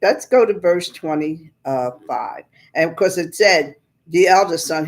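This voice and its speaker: A woman's voice: fairly low pitch, expressive, a little slow. Plain-spoken woman teaching the Bible. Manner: plain-spoken, explains scripture in everyday words. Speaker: preacher.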